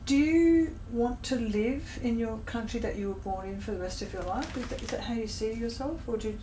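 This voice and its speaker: A woman's voice: a little high, brisk, far from the mic, background noise. A woman with a New Zealand accent chatting playfully, joking and making fun of herself in a group talk. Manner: playful, joking, self-mocking. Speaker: actress guest on a talk show. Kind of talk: casual group chat.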